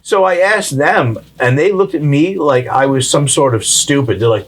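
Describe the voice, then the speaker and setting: A man's voice: fairly high pitch, animated, normal speed, few pauses. A man hosting a podcast, chatting casually and telling loose, joking stories with profanity while tattooing in a tattoo shop. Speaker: podcast host and tattoo artist. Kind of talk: casual chat.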